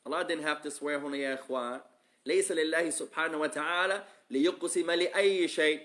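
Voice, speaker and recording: A man's voice: high-pitched, bright, forceful tone. A man teaching a religious lesson, reading Arabic text and translating it into English, often asking the listeners rhetorical questions. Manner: asks the audience rhetorical questions; reads Arabic quickly, explains in English more slowly. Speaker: Islamic teacher.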